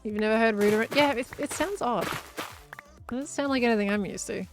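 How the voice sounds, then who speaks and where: A woman's voice: a little high, moderate pace, music in the background. A young woman chatting casually while streaming a game, musing aloud and laughing often. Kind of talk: casual live-stream chat while gaming.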